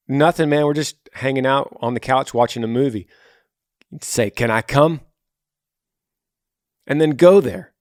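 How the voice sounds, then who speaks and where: A man's voice: medium pitch, no room sound, studio quality. A man hosting a podcast, giving earnest, encouraging advice in a casual way and often repeating his points.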